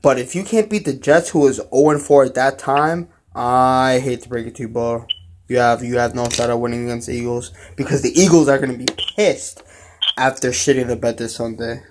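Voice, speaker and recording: A man's voice: medium pitch, steady tone, brisk, a little hiss or hum. Blunt man mocking a rival team. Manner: blunt, mocking sports opinions. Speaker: podcast co-host. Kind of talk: casual sports podcast chat.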